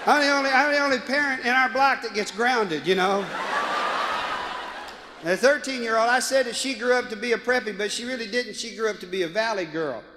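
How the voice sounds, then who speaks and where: A man doing live stand-up comedy, animated and bursting into shouts, on a 1980s live album with audience laughter. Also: very high-pitched, a little fast, big-room sound, slight background noise. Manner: animated, breaks into shouting and character voices. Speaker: Christian comedian.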